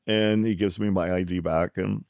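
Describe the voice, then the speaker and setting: Gravelly low-voiced man telling a story. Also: normal speed, no echo, clean studio sound. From South Texas. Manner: animated storyteller who acts out the people he quotes. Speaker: psychiatrist guest. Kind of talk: storytelling in a conversation.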